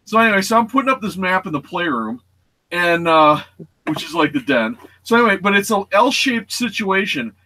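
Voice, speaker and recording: Male host in his forties, casual storyteller who acts out voices and sounds; bright, forceful tone. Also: sits high, big pitch swings, normal speed, slight background noise. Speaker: show host. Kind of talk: casual chat.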